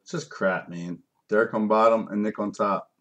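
A man's voice: lowish voice, fairly even intonation, normal speed, fairly bright tone, muffled recording. A man hosting a live sports card break, calling out cards in a frustrated, cursing, grumbling way. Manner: frustrated, profane, grumbling between card calls.

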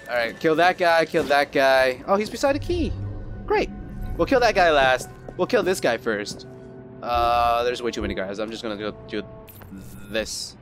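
A man does a let's play, offering casual, profane commentary on a video game at a moderate pace. His voice is expressive and fairly bright, and he's goofy and playful, joking around and slipping into silly, high put-on voices over faint background music.

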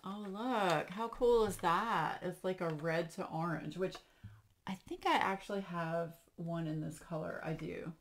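A woman's voice: on the low side, a little slow. A woman, hosting a craft channel and gushing over gifts she unboxes for viewers, with frequent gasps. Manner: gushing, lots of gasps and exclamations.

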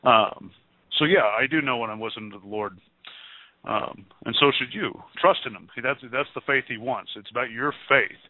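A man tells a spiritual story on a call-in broadcast, eager and rambling, doubling back on his words. His voice is mid-pitched and comes through a thin, phone-like line. There is no room echo. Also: moderate pace. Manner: excited, rambling storyteller with many restarts. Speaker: call-in show co-host. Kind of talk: casual religious testimony. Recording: tinny phone-line radio sound.

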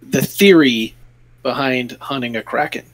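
A man voicing a persuasive, smooth-talking male adventurer in a tabletop game. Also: mid-range voice, measured pace, lightly acted. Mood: earnest.

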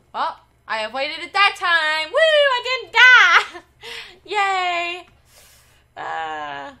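A young woman giving excitable, giggly commentary while playing a video game. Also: on the high side. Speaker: game streamer. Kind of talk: casual gameplay commentary. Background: faint game music.

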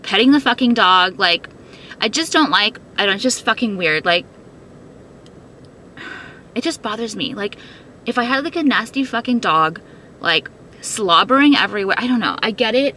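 A woman's voice: mid-range voice, pushed and bright, a little hiss or hum. Agitated woman venting to camera. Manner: upset, swearing, full of 'like'. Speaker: vlogger. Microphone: phone held while filming.

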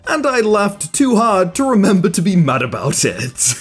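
A man hosts a comedy YouTube channel, reading funny Reddit posts aloud and reacting in a casual commentary style. His voice sits high and slightly rough, at a normal pace, and he's lively, laughing often. Faint music plays in the background.

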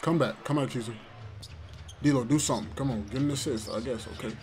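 A man's voice: medium pitch, brisk, crowd noise. A man reacting live to a basketball broadcast, trash-talking the players and refs with casual slang and frequent outbursts. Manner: excitable trash talk, yelling at the screen. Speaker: sports fan reacting to a game broadcast.

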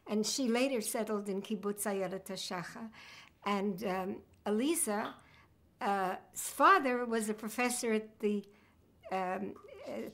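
A woman's voice: medium pitch, a bit bright. A woman, reminiscing in an oral history interview with a wry sense of humor. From United States.

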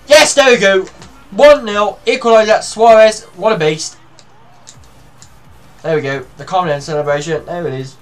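A young man giving live commentary on his own football video game match, excitable, shouting and swearing at the play. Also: high voice, normal speed, pauses often, faint music behind. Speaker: gamer.

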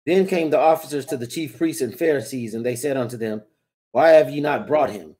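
A man reading Bible verses aloud in a steady, plain way. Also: mid-range voice, brisk. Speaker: scripture reader.

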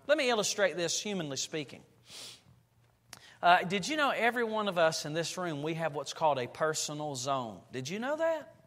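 A pastor preaching a sermon in a church, telling stories and building to loud, emphatic passages. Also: male voice, a little high, sing-song, normal speed. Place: church sanctuary. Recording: long reverb of a church hall.

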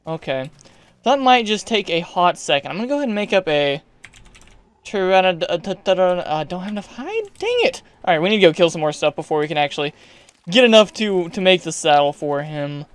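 Man, gaming let's-play commentary, chatty self-talk, excitable, clear smooth voice. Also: fairly high pitch, brisk. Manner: chatty, talking to himself while playing; excitable outbursts. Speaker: gaming channel host.

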